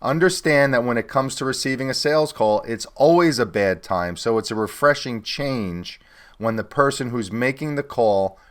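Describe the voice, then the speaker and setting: Low-voiced man coaching sales calls. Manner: coaching, acts out sample calls in a brighter voice. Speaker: sales trainer. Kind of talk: recorded course lesson.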